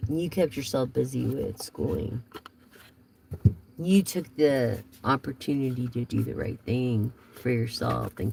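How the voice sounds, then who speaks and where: A woman's voice: extremely low pitch, vocal fry, mellow, a little hiss or hum, rough recording. A woman giving a casual live tarot reading, chatty and rambling as she talks straight to her viewers. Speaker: tarot reader.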